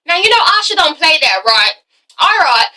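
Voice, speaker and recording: A young woman doing a chatty, excited episode recap, acting out the characters' lines as she goes. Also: extremely high pitch, normal speed, far from the mic, low-quality recording. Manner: animated, giggly, slips into dramatic character voices. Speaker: TV episode reviewer. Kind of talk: excited casual recap with acted-out quotes.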